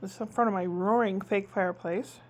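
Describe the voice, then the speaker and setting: A woman's voice: mid-range voice, fairly even intonation, brisk. A woman vlogging in casual chat, rambling through a homey story with plenty of fillers, from her living room.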